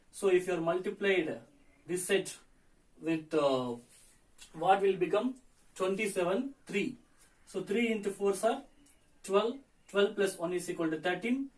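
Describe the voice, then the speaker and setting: Hoarse high-voiced male teacher. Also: distant mic, rough recording. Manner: repetitive step-by-step explaining. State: hoarse from fever. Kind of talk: accountancy lesson.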